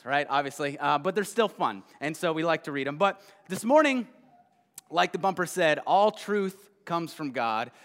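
A male pastor giving a casual sermon, retelling a children's story in a conversational way and often checking in with a quick "right?". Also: a little high, a bit bright. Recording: long hall reverb.

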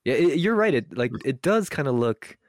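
A man co-hosting a podcast, chatting excitedly through a movie commentary with frequent laughs and lots of "like". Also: mid-range voice, moderate pace, dry recording, clean studio sound. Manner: laughs often, excitable, says "like" a lot. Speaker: podcast co-host. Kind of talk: casual movie commentary chat.

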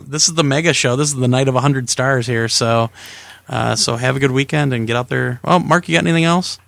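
A man's voice: mid-range voice, a little fast, vocal fry, fairly bright tone, dry recording. A man hosting a gaming podcast, signing off the show in a loose, chatty way while thanking guests and sponsors. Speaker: podcast host. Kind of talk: casual podcast sign-off.

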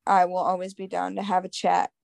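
A woman's voice: lowish voice, completely flat delivery, a little fast, creaky, darkish tone, no echo. Upbeat young woman, dry close sound. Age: young adult. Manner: upbeat, laughs often, gives encouraging advice. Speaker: podcast guest. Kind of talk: casual chat.

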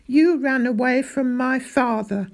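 Storybook figure: a scared, sobbing boy, stammering and pitched high, read by a woman. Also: unhurried. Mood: tearful. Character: frightened tearful young boy.

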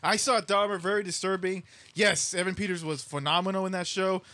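Podcast dude w a high bright voice, laughs a lot, super animated. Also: male voice, fairly quick. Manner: animated, laughs often, swears. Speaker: podcast co-host. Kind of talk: casual chat.

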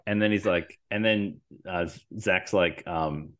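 A man with a very low voice talks in a loose, rambling way. He piles up fillers and drops the odd swear word as he chats casually on a podcast. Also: slow, a bit bright. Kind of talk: casual chat.

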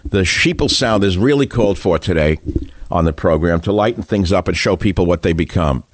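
A man's voice: low voice, a little fast, no echo, studio quality. A man hosting a radio talk show, delivering an indignant monologue full of rhetorical questions.

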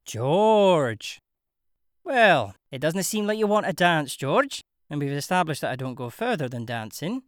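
A woman's voice: low-pitched, big pitch swings, unhurried, dry recording, clean studio sound. A narrator voicing Sophia, a young Glaswegian stripper woman with a musical brogue, blunt and teasing, in an audiobook. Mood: frank, teasing. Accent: Glaswegian Scottish.

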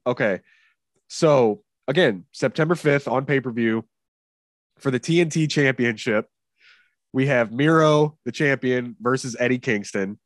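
A man's voice: medium pitch, measured pace, no room sound. Male host, mid voice, swearing rambler, dry close mic. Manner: rambling, profane, with many fillers. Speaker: podcast host. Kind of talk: casual chat.

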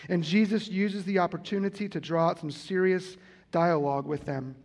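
A man with a high voice preaching a sermon. He speaks earnestly and repeats his key lines to drive them home. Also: steady tone, moderate pace. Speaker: pastor.

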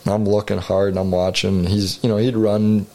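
A man's voice: fairly low pitch, flat delivery, moderate pace, darkish tone. A man co-hosting a podcast, rambling through a hunting story in casual chat with frequent swearing. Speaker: podcast co-host.

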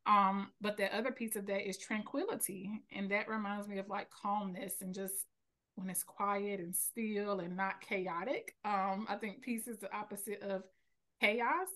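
A woman's voice: medium pitch, fairly even intonation, unhurried, sharp tone. Earnest Southern woman coach. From North Carolina. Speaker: teen and parent coach, podcast guest. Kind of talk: interview answers.

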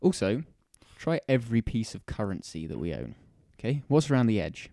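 A man's voice: on the low side, sing-song, fairly quick, vocal fry, warm tone, no echo, studio quality. A British man co-hosting a casual chat, who turns to passionate ranting and swears freely. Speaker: podcast co-host.

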